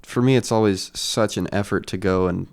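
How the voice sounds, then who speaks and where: A young man co-hosting a podcast, talking in a thoughtful, relaxed way with dry, wry jokes. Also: lowish voice, normal speed, creaky. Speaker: podcast co-host. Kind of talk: casual chat.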